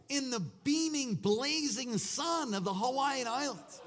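A man's voice: very high voice, animated, a little slow, fairly bright tone. A man preaching a sermon, telling a rambling story full of fillers and restarts, then exhorting his congregation. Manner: rousing, exhorting. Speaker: pastor.

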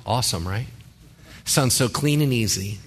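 A man's voice: mid-range voice, normal speed, a little hiss or hum. A male pastor giving a sermon in a conversational way, with joking asides and rhetorical questions.

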